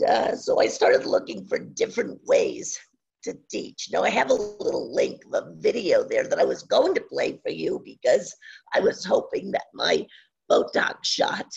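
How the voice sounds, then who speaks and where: Older teacher in their 60s on a webinar, super scratchy strained voice, pitch jumps all over, dull lo-fi audio. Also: gravelly, husky. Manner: halting, with many pauses and fillers. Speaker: online instructor. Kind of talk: webinar presentation.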